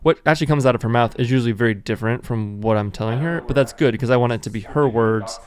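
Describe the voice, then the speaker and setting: A man's voice: medium pitch, fast, a little mellow. A young man, the host and videographer, casually explaining a filming setup with frequent fillers. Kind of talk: casual behind-the-scenes narration.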